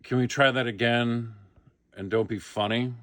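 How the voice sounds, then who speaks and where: A man's voice: medium pitch, steady tone, moderate pace, fairly bright tone, no room sound. A middle-aged man casually telling a comic behind-the-scenes story, acting out the quotes. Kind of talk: casual anecdote.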